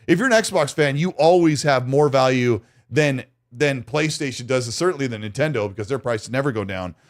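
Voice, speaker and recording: A man co-hosting a gaming podcast in casual chat, lively, with stammering restarts and quick laughs. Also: mid-range voice. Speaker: podcast co-host.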